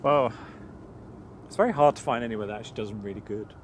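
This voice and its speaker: Outdoors at an airport, a man with a fairly low voice co-hosts a plane spotting livestream, talking quickly. He's easygoing, chats casually and tells rambling stories, with a bit of hiss or hum in the audio.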